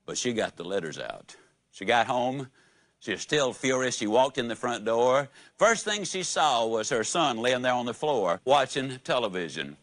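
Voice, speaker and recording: An animated male motivational speaker tells a story in a mid-range voice. He swings between loud and hushed and between rising and falling pitch as he builds each beat. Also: moderate pace.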